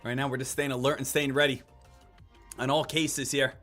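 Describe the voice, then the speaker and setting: A man giving live stock trading commentary in an energetic way, hammering home points with repeated phrases. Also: medium pitch, normal speed, faint music behind.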